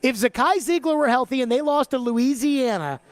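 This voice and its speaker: High-voiced animated sports radio host. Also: male voice, normal speed, no room sound. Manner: animated, slips into an exaggerated Southern drawl for bits. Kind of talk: sports talk radio monologue. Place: radio studio.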